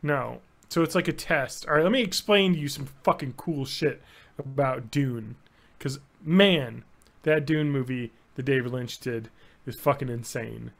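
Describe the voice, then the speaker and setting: A man co-hosting a podcast, talking in a rambling, excitable way and swearing often. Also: mid-range voice, measured pace, creaky. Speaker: podcast co-host. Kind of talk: casual chat.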